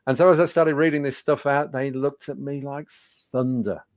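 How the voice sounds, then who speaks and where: Gravelly older English man telling stories. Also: medium pitch, moderate pace, dry recording. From England. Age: 60s. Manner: conversational, animated anecdotes with fillers. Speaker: webinar presenter. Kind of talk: storytelling presentation.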